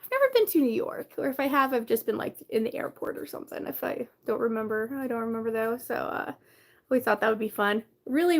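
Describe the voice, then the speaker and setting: A woman's voice: a little high, gravelly. Chatty woman live-streaming from her bedroom. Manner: chatty, greets viewers by name, laughs often. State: tired, coughing. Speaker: livestream host. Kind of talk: casual live-stream chat.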